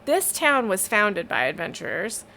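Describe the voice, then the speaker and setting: A woman's voice: mid-range voice, sing-song, a little slow, vocal fry, sharp tone, heavily acted. Woman playing a fed-up young weaver. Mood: gossipy. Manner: rambling, exasperated, eye-rolling.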